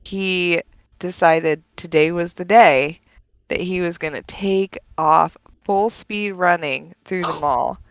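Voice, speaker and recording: A woman, a streamer and mother, chatting casually with friends during a game stream, telling animated stories with frequent laughter and swearing. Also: on the low side, slow, clear, resonant tone, highs cut off.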